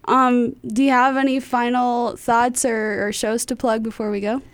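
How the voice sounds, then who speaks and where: A woman's voice: on the high side, flat delivery, moderate pace, clean tone, no room sound. Upbeat woman radio interviewer, dry sound. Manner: upbeat, curious questioning.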